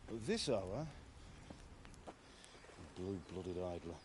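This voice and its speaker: A gruff middle-aged village blacksmith, scolding his lazy son. His pitch moves in lively swings, with faint noise in the background. A game scene. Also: very slow, full character voice.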